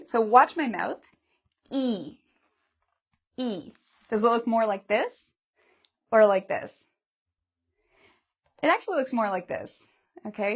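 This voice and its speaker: A woman's voice: fairly high pitch, a bit bright. Patient woman teaching pronunciation. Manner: patient, asks learners questions and models sounds. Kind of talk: pronunciation lesson.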